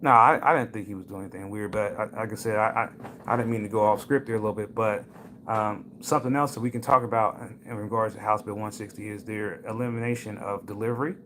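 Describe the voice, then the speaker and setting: Talking fast in a low-ish, fairly bright voice with fairly even intonation, a man runs a relaxed cannabis livestream. He greets viewers by name and tells stories in a chatty style, with slight background noise behind him.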